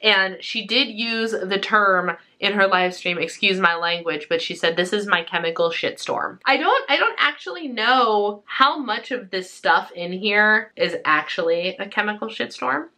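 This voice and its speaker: A woman's voice: mid-range voice, lively intonation, measured pace, few pauses, pushed and bright. A young woman chatting casually in a food vlog, upbeat and rambling, a little out of breath. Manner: chatty and upbeat, lots of fillers. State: slightly out of breath. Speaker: vlogger.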